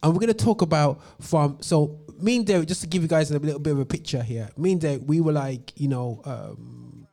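A man's voice: a little high, a little fast, creaky, hardly any pauses, mellow. A man hosting a casual live-stream chat, rambling, interrupting himself and laughing often. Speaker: host.

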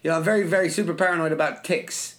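A man's voice: fairly high pitch, steady tone, rapid-fire, a bit bright. A man co-hosting a podcast, telling casual stories and swearing freely. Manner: laid-back storyteller, swears freely. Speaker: podcast co-host. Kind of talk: casual chat.

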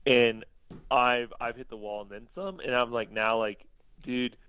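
A man's voice: mid-range voice, normal speed, clean tone, dry recording. A man, a podcast guest, telling a story casually and acting out the dialogue he quotes. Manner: lively, acts out quoted dialogue. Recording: dull lo-fi sound.

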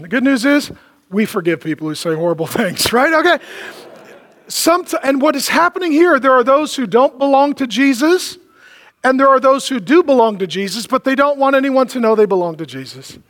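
High-voiced pastor preaching in a reverberant hall. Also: male voice, fairly bright tone. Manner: humorous storytelling, drops to low emphatic lines. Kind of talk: sermon.

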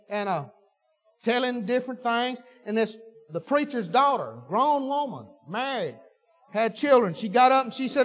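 A man preaching a sermon, folksy and fervent, repeating himself and building to shouts. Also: very high voice. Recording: dull lo-fi recording with long hall reverb.

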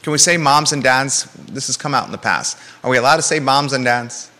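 Guy hosting a live talk show, bright forceful voice, blunt and jokey, long reverb in the room. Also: mid-range voice, a little fast. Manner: blunt, emphatic, joking asides.

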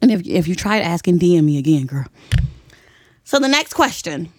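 A woman's voice: on the low side, big pitch swings, moderate pace, a little mellow, dry recording, studio quality. A young woman hosting a podcast, giving blunt, profane advice in casual chat and laughing often. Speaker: podcast host.

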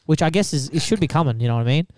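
A young man rambles through crude stories, laughing as he goes. His voice sits a little high and swings widely. The sound is dry and close. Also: lively intonation, rapid-fire, darkish tone, no room sound. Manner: rambling, laughs often, swears. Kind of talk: crude casual banter.

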